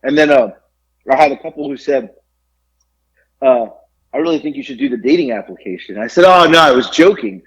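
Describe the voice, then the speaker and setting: A man's voice: medium pitch, fairly quick, pauses often, a little mellow, breathy edge. A middle-aged man co-hosting a podcast in casual chat, rambling with lots of fillers and restarts. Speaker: podcast co-host. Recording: muffled lo-fi recording.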